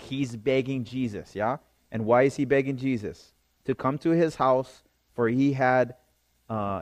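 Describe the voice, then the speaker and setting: A pastor preaches a sermon, reading scripture aloud and explaining it, often checking in with his listeners. His voice is mid-range, with no echo.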